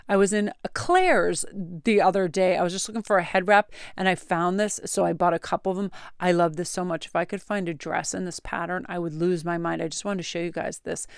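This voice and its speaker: Chatty woman tarot reader, crisp voice. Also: fairly low pitch, no echo, studio quality. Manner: chatty, rambling, animated storyteller. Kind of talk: casual chatty vlog. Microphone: close camera-mounted mic.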